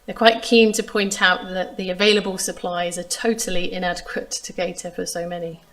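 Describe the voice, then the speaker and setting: A woman preaching a sermon, retelling a Bible story in a measured, expressive way. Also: on the low side. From England. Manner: measured, expressive reading of scripture.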